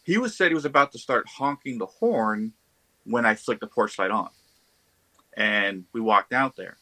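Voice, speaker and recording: A man, a podcast guest, telling a ghost story in a casual, animated way. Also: on the low side, moderate pace, dry recording, poor audio. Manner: animated, acts out quoted voices.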